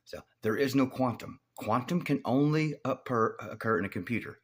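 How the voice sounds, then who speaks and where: Male vlogger, husky breathy voice, mid-range pitch; halting, rambling monologue that turns heated. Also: expressive. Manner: rambling, halting, with many restarts and profanity; grows loud and heated. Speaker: video host.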